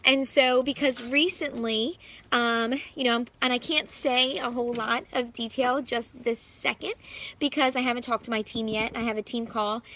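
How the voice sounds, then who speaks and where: A young woman with a slightly high voice vlogs casually outdoors in her backyard. She is a fitness coach, rambling and upbeat. Her sentences are full of "like" and "you know". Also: steady tone, normal speed, a bit bright. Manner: rambling, heavy use of "like" fillers. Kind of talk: casual vlog monologue.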